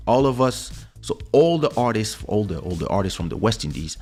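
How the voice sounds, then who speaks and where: Low-voiced man telling an animated story. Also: fairly quick, hardly any pauses, soft background music. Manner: animated, acts out quoted speech with big pitch jumps. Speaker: podcast host. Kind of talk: casual storytelling. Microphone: studio microphone.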